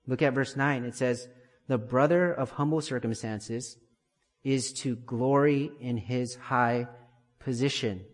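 Emphatic preacher in a reverberant hall. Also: male voice, mid-range voice. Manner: emphatic, builds to forceful declarations. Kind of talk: expository sermon.

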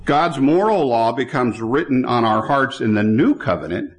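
A man delivers a sermon in a church, reading scripture passages aloud and speaking directly to his congregation. His voice sits in a middle pitch for a man. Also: expressive, moderate pace. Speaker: preacher.

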